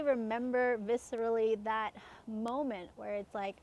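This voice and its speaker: Chatty woman with a higher voice. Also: measured pace. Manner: chatty, laughs often, many fillers. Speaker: self-help coach. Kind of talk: casual personal storytelling.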